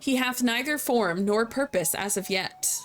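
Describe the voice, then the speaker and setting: A woman voicing an ancient dragon, reading its archaic lines slowly and formally. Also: on the high side, faint music behind, lightly acted. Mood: solemn. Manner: slow, measured, formal old-fashioned phrasing. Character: ancient solemn dragon speaking archaic English.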